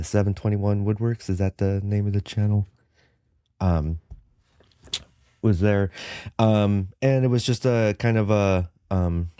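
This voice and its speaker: A man chatting on a podcast while a little under the weather, his voice deep and mellow. He rambles along with plenty of fillers and restarts, recorded dry and close. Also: clean tone, no room sound. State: sick with a cough. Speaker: podcast co-host. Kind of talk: casual chat.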